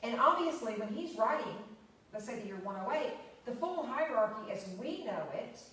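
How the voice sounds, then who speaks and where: A woman's voice: a little high, animated, normal speed, a bit bright. A woman giving an unscripted church history talk, stressing key words, with fillers and restarts. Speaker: lecturer. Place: church hall. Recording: very echoey, distant room recording.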